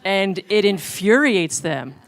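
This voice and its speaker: A woman's voice: mid-range voice, lively intonation, slow pace. A woman on a comedy panel, talking animatedly and acting out exchanges. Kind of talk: panel discussion.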